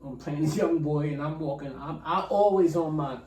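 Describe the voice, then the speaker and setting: A man's voice: on the high side, moderate pace, darkish tone. A man with a New York City accent, a guest chef telling stories animatedly and acting out dialogue in street slang. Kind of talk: casual storytelling. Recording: echoey room, mic at a distance.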